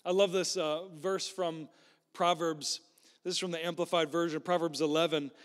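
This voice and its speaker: A man's voice: fairly high pitch, flat delivery, normal speed. A man preaching a sermon in a loose, conversational way, often repeating words and restarting. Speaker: pastor. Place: church sanctuary. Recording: long hall reverb.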